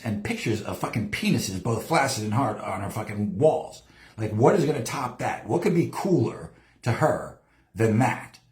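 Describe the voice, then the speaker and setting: A man rambling through a story on his own live show, cursing constantly and acting out the other people's lines. His voice swings up and down a lot as he tells it. The sound is roomy, with a clear echo around him. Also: fairly low pitch. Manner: heavy swearing, lively storytelling, acts out quotes. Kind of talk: profane rambling live-stream monologue. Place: home studio.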